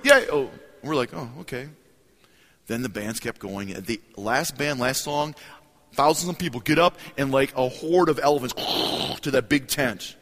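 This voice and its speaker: Animated male preacher in a reverberant hall. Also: mid-range voice, fairly quick. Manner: animated, acts out voices and crowd cheers. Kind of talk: storytelling sermon. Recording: hall reverb, live sermon.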